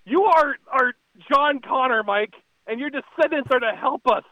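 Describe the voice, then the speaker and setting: A man's voice: extremely high pitch, moderate pace, dry recording. A man calling in as a frantic male time traveler from a future war, pleading urgently. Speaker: caller. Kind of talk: comic call-in bit. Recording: tinny phone line.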